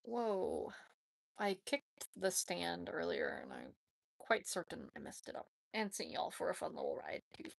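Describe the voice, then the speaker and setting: A woman's voice: lowish voice, wildly swooping pitch, measured pace, vocal fry. A woman hosting her own channel in a casual livestream chat, chatty and giggly, teasing herself as she talks. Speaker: YouTube channel host.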